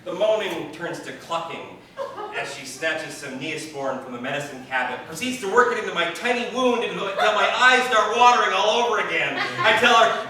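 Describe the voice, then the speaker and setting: A man performing live spoken word storytelling at a party, with a wry, drawn-out delivery and dramatic pauses. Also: sits high, animated, bright, forceful tone. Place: party venue, indoors. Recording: echoey room from far off with audience laughter.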